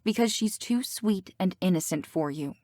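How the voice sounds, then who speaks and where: A woman reading an audiobook, voicing a sharp, protective teenage girl who snaps at a boy she cannot stand. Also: mid-range voice, lively intonation, moderate pace, dry recording, clean studio sound, close to an everyday voice. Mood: irritated. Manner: snappish, through gritted teeth.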